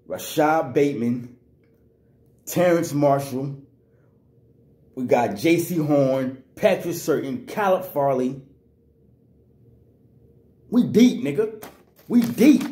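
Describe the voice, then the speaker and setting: Man, angry sports rant, raised pitch, roomy echo. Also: mellow. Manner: angry, repetitive, slangy. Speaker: sports vlogger.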